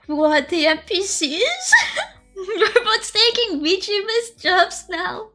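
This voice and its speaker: A woman's voice: very high voice, lively intonation, slow pace, pushed and bright. A woman streamer chatting casually with her audience on a live stream. She giggles often, is sarcastic and swears freely. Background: faint lo-fi music.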